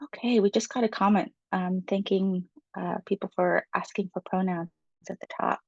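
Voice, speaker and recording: A woman leads a webinar workshop in a friendly, conversational tone, with a touch of gravel in her voice. The sound is dry and a bit dull, like a computer mic on a video call. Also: medium pitch, steady tone, moderate pace, a little mellow, no echo. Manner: friendly, conversational, with frequent um fillers. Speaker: workshop facilitator. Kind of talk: webinar presentation.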